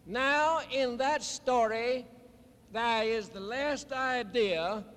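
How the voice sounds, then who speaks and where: Slow high-voiced preacher in an echoing hall. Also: male voice, a bit bright. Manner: deliberate, emphatic storytelling. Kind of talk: sermon address. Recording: long hall reverb.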